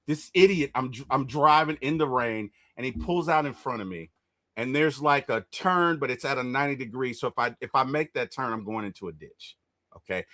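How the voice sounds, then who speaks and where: A man telling stories in casual chat, animated and laughing when excited. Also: medium pitch, no room sound, studio quality.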